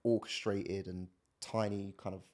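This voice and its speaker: A young man, a podcast guest, telling stories in a relaxed, slangy way in casual podcast chat. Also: fairly low pitch, unhurried. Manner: laid-back slangy storytelling, acts out relatives' voices.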